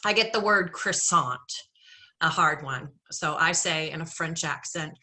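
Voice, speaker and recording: A woman performing a solo storytelling show, playful and animated, with conversational asides to the audience. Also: on the low side, a little slow. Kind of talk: theatrical storytelling monologue.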